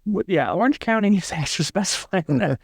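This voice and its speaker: A man co-hosting a chatty podcast, his voice sitting somewhat high for a man. He rambles and jokes, restarting his sentences often. The sound is dry and close to the mic. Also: animated, a little fast, creaky, husky, dry recording. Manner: rambling, joking, with many restarts. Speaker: podcast co-host. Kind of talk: casual chat.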